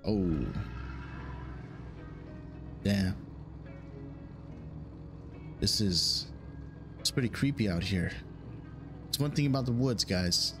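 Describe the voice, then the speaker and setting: A man's voice: fairly low pitch, lively intonation, takes it slowly, long pauses, music in the background. A young man casually commenting on a horror game he plays, chatty and jokey, reading game lines aloud. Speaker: gaming YouTuber. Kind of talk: casual let's-play commentary.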